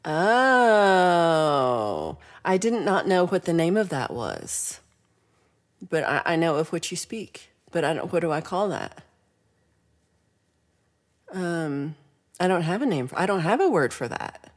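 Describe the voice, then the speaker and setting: A woman's voice: lowish voice, lively intonation, unhurried, pauses often. A woman hosting a music livestream, chatting casually, laughing often and reading out comments from the chat. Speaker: livestream singer-songwriter host. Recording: faint guitar music behind.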